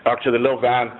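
A middle-aged man casually telling a personal recovery story, profane and rambling, with lots of "you know" fillers. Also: mid-range voice. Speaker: speaker sharing a recovery story. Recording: tinny phone-like recording with faint hiss.

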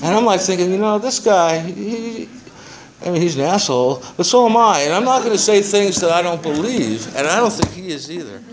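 At a recovery meeting in a small room, a seventies-aged man delivers a rambling testimony laced with profanity and self-deprecating humor. His high-pitched voice is animated and a little fast, and the rough recording picks up a crowd in the background.

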